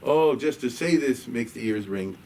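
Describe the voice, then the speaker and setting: A man's voice: mid-range voice, animated, moderate pace, dark tone. Chatty male rabbi lecturing from afar. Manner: conversational, reads a line then paraphrases with asides and "right?". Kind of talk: explaining a liturgical poem in a lecture. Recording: distant mic with faint background noise.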